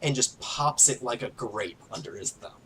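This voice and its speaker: A man's voice: mid-range voice, normal speed, fairly bright tone, slight background noise, poor audio. A man narrating as game master in a casual, filler-heavy way.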